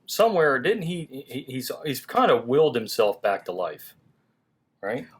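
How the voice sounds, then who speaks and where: A man hosts a relaxed toy review chat with a lively voice that swings up and down. He laughs often and restarts his sentences as he talks. He sits at a middle pitch for a man. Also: measured pace, slightly rough. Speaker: toy review channel host. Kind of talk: casual chat.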